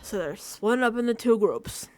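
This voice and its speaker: A young woman recapping a reality show in a casual, animated rant, using a lot of filler and often laughing at her own exasperation. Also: fairly high pitch, moderate pace. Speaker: vlogger reacting to a reality show.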